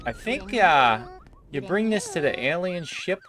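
A woman giving casual, excitable commentary while playing a video game, often breaking into panicked shouts and squeals. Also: fairly low pitch, unhurried, noisy background. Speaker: gaming video host. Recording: loud game music behind. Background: loud game music.

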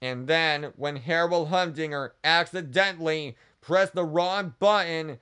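A man retelling a cartoon story for kids as a channel host, stringing events together with "and then" in a halting way. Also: a little high, bright, forceful tone, clean tone.

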